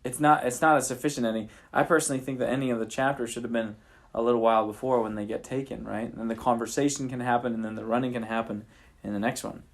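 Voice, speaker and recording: A man's voice: medium pitch, fairly even intonation, fast, hardly any pauses. Father improvising a bedtime story. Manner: casual, thinking aloud, many restarts. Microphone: handheld recorder.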